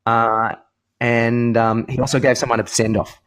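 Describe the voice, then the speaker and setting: A man's voice: medium pitch, little pitch movement, a little slow, fairly bright tone. An Australian man co-hosting a podcast, rambling casually with many fillers and restarts and acting out quoted lines. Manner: acts out quoted lines in a raised voice. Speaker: podcast co-host. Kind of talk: casual chat.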